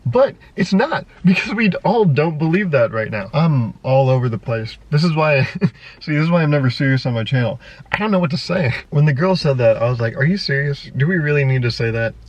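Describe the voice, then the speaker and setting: A man's voice: on the high side, animated, fairly quick, no echo, lo-fi sound. A young man vlogging in a rambling, exasperated way, laughing often and swearing freely. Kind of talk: casual unscripted monologue to camera.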